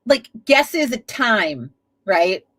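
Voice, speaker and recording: Lively, chatty woman livestreaming. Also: fairly high pitch, drawn-out words. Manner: chatty, swearing, laughing often. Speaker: livestream host. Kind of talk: casual live-stream chat. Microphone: webcam setup at a desk.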